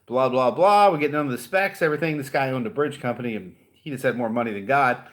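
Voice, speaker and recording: A man's voice: mid-range voice, fast. A man who trains car dealers, giving a casual motivational talk as a blunt, chatty storyteller.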